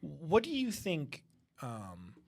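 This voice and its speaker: Speaking slowly with a creaky, medium-pitched voice and huge pitch swings, a teacher runs a casual school podcast. They explain, ask patient follow-up questions of the children, and guide them back to the topic.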